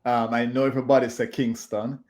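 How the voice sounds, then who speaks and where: Man, halting and full of fillers. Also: mid-range voice, flat delivery, darkish tone. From Jamaica. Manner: halting, filler-heavy speech. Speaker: guest. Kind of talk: casual interview talk.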